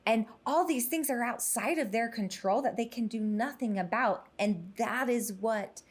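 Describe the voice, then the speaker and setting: A woman's voice: fairly high pitch, slightly rough. A woman podcast guest talking about youth mental health in an earnest, emphatic way, in casual conversation. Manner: earnest, emphatic, quick to explain.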